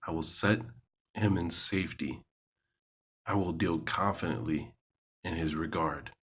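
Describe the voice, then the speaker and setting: A man reading scripture aloud in a halting way, correcting himself as he goes and adding casual comments. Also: sits low, fairly bright tone, slightly rough. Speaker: Bible reader.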